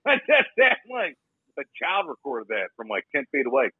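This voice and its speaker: Dude doing a goofy contestant with a made-up accent, husky voice, dry tinny audio. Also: male voice, medium pitch, wildly swooping pitch, a little fast, no room sound. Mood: giggly. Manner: gruff, laughing, swearing banter. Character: male quiz contestant with a put-on foreign accent. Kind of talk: improvised comedy sketch. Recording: dry tinny phone-like sound.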